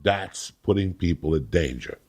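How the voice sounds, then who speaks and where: A middle-aged man from New Jersey, a comedian host telling loud, crude, rambling stories in casual chat. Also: deep voice, moderate pace. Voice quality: gravelly. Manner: loud, rambling and crude, breaking into acted quotes. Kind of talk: profane storytelling chat.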